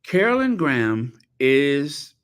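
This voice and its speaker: A man's voice: a little high, sing-song, takes it slowly, clean tone. A man hosting a commentary channel, talking in a sarcastic, mocking way. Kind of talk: casual commentary.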